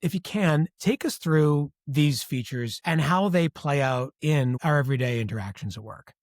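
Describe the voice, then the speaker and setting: Measured male podcast host, dry mic. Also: fairly high pitch, dry recording. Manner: measured, reflective, affirming. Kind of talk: conversational podcast interview.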